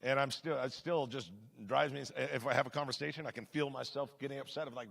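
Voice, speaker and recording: A pastor preaching a sermon to his congregation in a conversational, emphatic way, swinging between loud and hushed. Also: mid-range voice, steady tone, fast talker, vocal fry, few pauses. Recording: long hall reverb.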